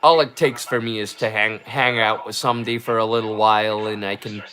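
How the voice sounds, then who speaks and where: Hosting a livestream from Scotland, this man is drunk and rambling, cursing casually and making self-deprecating jabs. He talks briskly in a fairly low, steady voice with a bit of brightness.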